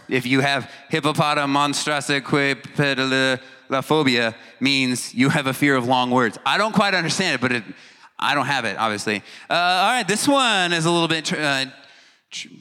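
A man's voice: a little high, pushed and bright. A man giving a casual, joking talk to a teen audience, acting out reactions and stumbling over long words. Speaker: youth speaker. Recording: hall reverb.

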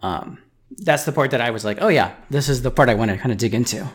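A man co-hosting a podcast in casual chat, speaking in a measured, thoughtful way. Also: mid-range voice, animated. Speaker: podcast co-host.

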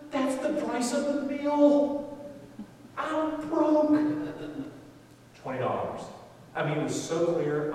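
A middle-aged male preacher telling a story in a sermon, swinging from quiet asides to loud excitement, recorded from far off in a large church hall. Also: lowish voice.

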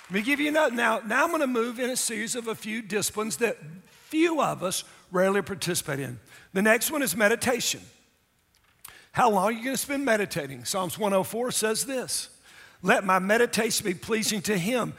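Middle-aged male pastor, high voice, emphatic sermon delivery, long reverb of a big hall. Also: expressive, fairly quick, vocal fry, bright, forceful tone. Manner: emphatic, calls for audience response.

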